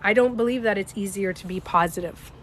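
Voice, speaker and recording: A woman with a slightly stuffy nose, chatting casually on a livestream. She talks in an animated, emphatic way, swears freely and speaks to her viewers. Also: mid-range voice, brisk, slight background noise. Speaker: livestreamer and beauty coach.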